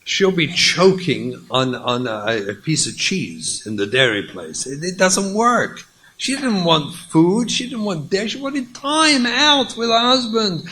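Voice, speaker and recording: Emphatic male lecturer, lively pitch. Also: unhurried, a little hiss or hum, poor audio. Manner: emphatic, repeats key points. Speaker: rabbi and lecturer. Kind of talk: lecture with acted-out stories.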